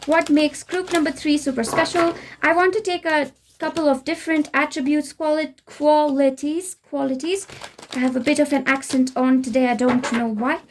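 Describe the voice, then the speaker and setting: High-voiced Indian woman reading tarot. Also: fairly even intonation, brisk, hardly any pauses, a little hiss or hum. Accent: Indian English. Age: young adult. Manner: gentle, reassuring, speaks straight to the listener. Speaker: tarot reader. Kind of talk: spiritual tarot reading to camera.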